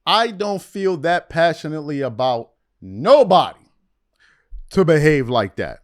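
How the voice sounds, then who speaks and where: A man's voice: on the high side, unhurried. A man hosting a sports podcast, delivering a heated, mocking rant full of trash talk. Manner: mocking, animated, trash-talking.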